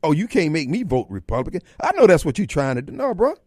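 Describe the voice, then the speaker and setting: Animated talk radio host. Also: male voice, fairly high pitch, fast talker, dry recording, clean studio sound. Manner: animated, acts out imagined callers and critics. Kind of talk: political talk radio monologue.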